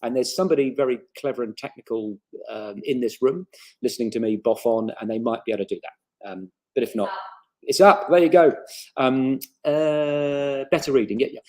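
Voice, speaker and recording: A man's voice: mid-range voice, fairly quick, mellow. A man, chatting casually and rambling through viewer questions with many fillers and restarts. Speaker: guest author answering viewer questions. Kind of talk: casual live chat.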